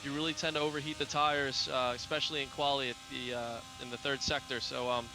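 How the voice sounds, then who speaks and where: A man's voice: medium pitch, flat delivery, fast talker, noisy background. A man who is also a driver, giving live commentary on a racing game and stumbling over his words as he restarts phrases. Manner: hesitant, many restarts and fillers.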